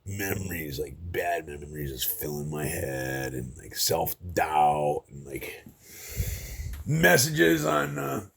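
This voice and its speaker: A middle-aged man pours out a rambling, swear-filled vent to the camera, upset and emotional. His low voice is deeply gravelly and husky. His pitch swings up and down a lot as he goes. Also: very animated, slow pace, a bit bright. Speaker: vlogger. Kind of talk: venting vlog monologue.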